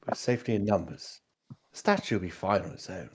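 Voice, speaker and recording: A man voicing an earnest alien engineer who urges the group on, in a lowish voice close to his own. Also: fairly quick, a little mellow, a little hiss or hum, lightly acted. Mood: urgent. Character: urgent air-race engineer sibling.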